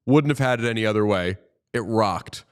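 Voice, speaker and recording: A man co-hosting a sports podcast in casual chat, animated and joking, swearing freely. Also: on the low side, moderate pace, smooth. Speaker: podcast co-host.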